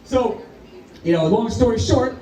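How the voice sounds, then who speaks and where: A man's voice: unhurried, roomy sound, far from the mic, rough recording. A man doing a stand-up comedy set, telling a story and jumping into voices for the people in it. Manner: animated storyteller, acting out voices with big pitch jumps. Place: comedy stage.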